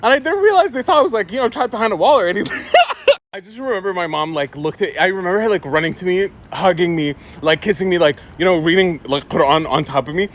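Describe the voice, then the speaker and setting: A man from Egypt telling a story in a chatty, animated way, filling his speech with "like" and "right?". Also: sits high, fast talker, a little hiss or hum. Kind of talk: casual storytime vlog.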